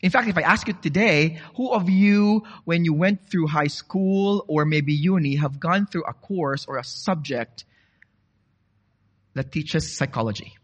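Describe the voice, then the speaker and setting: A man preaching a sermon, from the Philippines, lively and animated as he quizzes the congregation. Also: fairly high pitch, measured pace, highs cut off.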